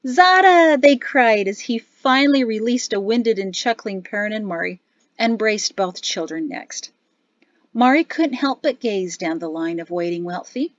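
A woman narrates a fantasy novel in an even, measured storytelling voice at a middle pitch. The sound is dry and close, with a slightly dull, lo-fi tone. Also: no room sound. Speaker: audiobook narrator. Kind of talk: scripted narration.

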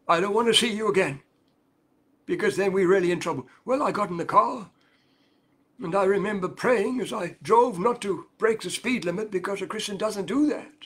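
A man's voice: high voice, a bit bright, husky. An older man preaching a sermon, telling a personal story earnestly with emphatic repetition.

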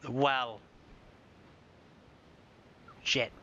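A man's voice: mid-range voice, steady tone, very slow, pushed and bright, highs cut off, a little hiss or hum. A man giving casual commentary over his own gameplay, joking and mock-dramatic, talking to himself as he plays. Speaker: gaming video host. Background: game music.

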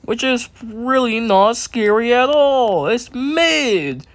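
Slow, laid-back young male gamer. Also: very high-pitched, animated. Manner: laid-back, chatty, teasing his in-game pet. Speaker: gaming channel host. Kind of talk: casual gameplay commentary. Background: loud game music.

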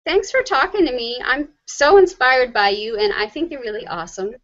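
A woman with a fairly high voice hosting a live online chat show. She talks in a chatty, rushed way, and the recording sounds dull and lo-fi. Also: very animated. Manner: chatty, rushes through announcements. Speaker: host.

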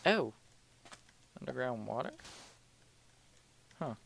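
A man's voice: medium pitch, sing-song, takes it slowly, creaky, fairly bright tone. A young man casually commentating his gameplay at home, rambling, joking and muttering to himself as he plays. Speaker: let's play host. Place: home room at night.

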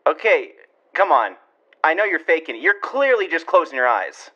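Casting: man as a whiny, exasperated homeowner, high and bright, comedic dub with lo-fi sound. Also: big pitch swings, normal speed, exaggerated voice. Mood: mocking. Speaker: dubber. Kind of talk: comedic overdub of a silent film.

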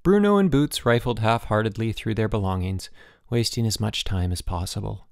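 A man narrating a children's novel as an audiobook in an expressive storytelling manner. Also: lowish voice, normal speed, creaky, dry recording, studio quality. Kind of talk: scripted narration.

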